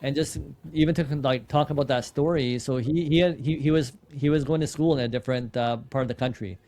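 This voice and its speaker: Man, mid-pitched voice, podcast guest, casual storytelling, stumbles and repeats words. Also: quick pace, mellow. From Canada. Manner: repeats and restarts words, tells anecdotes with quoted dialogue.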